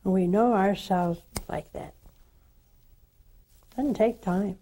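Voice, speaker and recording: An older woman hosts a religious call-in program, speaking slowly to a caller. Her voice is mellow and dark, and she leans on key words with pastoral insistence while staying tender. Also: medium pitch. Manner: slow, warm pastoral counseling, emphatic and coaxing. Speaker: religious TV host taking calls.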